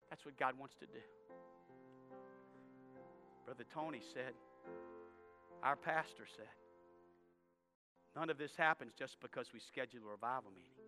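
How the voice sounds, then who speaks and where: Pastor preaching, high bright voice, goes from quiet asides to yelling prayers, organ faintly behind. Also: male voice, moderate pace, long pauses. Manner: swings from soft asides to shouted prayer. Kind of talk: sermon storytelling.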